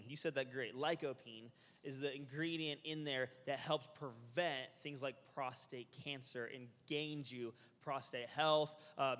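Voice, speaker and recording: Energetic man lecturing in a hall. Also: fairly high pitch. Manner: energetic, joking, quizzes the audience. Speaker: health seminar presenter. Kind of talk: lively lecture to a live audience. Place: seminar hall with audience. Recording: reverberant hall.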